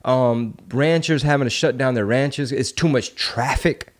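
A man's voice: mid-range voice, a little slow. A man hosting a podcast, talking bluntly and heatedly with lots of swearing and rhetorical questions. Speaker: podcast host. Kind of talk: casual opinionated chat.

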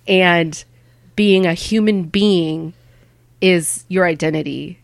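A woman's voice: lowish voice, slow, gravelly, no echo, studio quality. A woman stand-up comedian talking frankly in an interview, rambling and swearing casually. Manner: frank and rambling, acts out quoted voices. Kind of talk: candid conversational interview.

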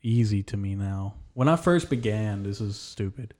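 A man's voice: fairly low pitch, expressive, normal speed, mellow. A man hosting a casual podcast chat, rambling and swearing freely. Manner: rambling and heavily profane. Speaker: podcast host. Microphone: headphones and studio mic.

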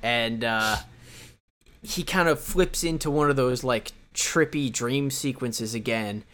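A man co-hosting a podcast, casually recapping a movie and reacting with lively, animated retellings. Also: mid-range voice, takes it slowly. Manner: animated, reacts with exaggerated voices of characters. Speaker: podcast co-host.

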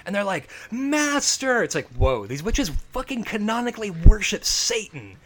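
A man's voice: high-pitched, normal speed, slight background noise. A man in casual, profane movie chat, telling stories with lots of energy and laughter. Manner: animated, profane, laughing storyteller. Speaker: podcast co-host.

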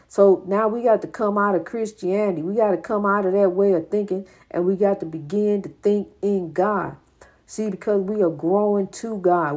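A woman's voice: medium pitch, a little mellow. An older woman giving an informal, preaching monologue, repeating her points with emphasis in a folksy way. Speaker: spiritual speaker.

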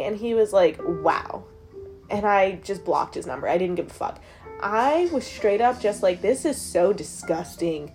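A woman's voice: lowish voice, darkish tone. A young woman hosting her own show, telling a story in a casual, chatty way, swearing and saying "like" a lot. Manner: profane, chatty, heavy use of "like". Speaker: show host.

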